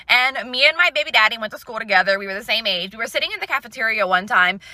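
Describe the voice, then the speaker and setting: A woman's voice: sits high, bright, forceful tone, no echo. A woman telling a story to the camera in a chatty, blunt way.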